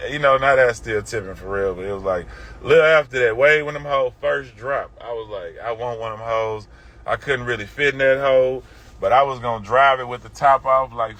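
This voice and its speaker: A man's voice: medium pitch, fairly bright tone. A man with a Houston accent telling stories on a live stream in a laid-back way, with lots of profane slang and direct talk to his viewers. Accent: Houston, Southern US. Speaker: livestream host. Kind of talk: casual storytelling on a live stream.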